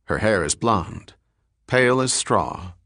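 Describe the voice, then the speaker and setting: A shrewd, hard-pressing male detective, clipped and firm in every line, as a man reads him. His voice is low and sits close and dry. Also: lively intonation, slow pace, pushed and bright, dry recording, exaggerated voice. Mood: polite.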